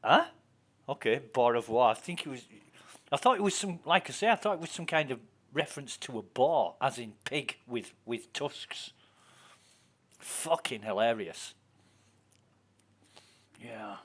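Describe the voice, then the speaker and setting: A man's voice: mid-range voice, expressive, unhurried, pauses often, a bit bright. A man with a Yorkshire accent chatting casually while streaming a game, telling rambling stories and swearing often. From Yorkshire, England. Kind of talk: casual chat while gaming.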